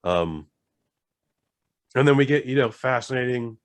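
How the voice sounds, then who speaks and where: A man's voice: mid-range voice, expressive, measured pace. Profane casual male podcast co-host. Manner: loose, profane, retells scenes doing the characters' voices. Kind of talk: casual movie review chat.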